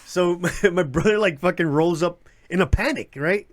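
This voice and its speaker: A guest comedian from Chicago's south side tells wild stories at a live show venue in casual, profane chat, acting out the voices of the people in them and laughing through the tales in an animated way. His voice is high, at normal speed, with background noise.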